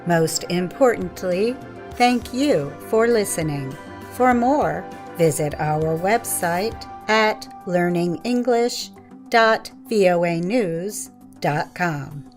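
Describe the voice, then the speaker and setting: Woman, podcast host, slow scripted sign-off, lowish voice, faint music behind. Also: animated.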